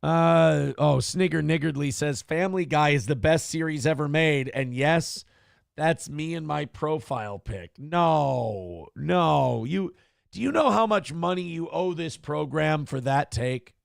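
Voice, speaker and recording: Male stream host, gravelly, higher-pitched, brash and crude, reacting to chat. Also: measured pace, no room sound, studio quality. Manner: brash, profane, mocking. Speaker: morning show host reading chat. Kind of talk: casual, crude livestream talk.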